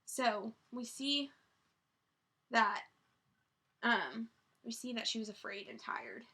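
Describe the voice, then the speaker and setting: A woman's voice: on the high side, lively intonation, slow, sharp tone, slightly rough. Chatty young woman leading Bible study. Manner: chatty, lots of "like" and restarts. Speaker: student Bible study leader. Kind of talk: casual Bible study talk.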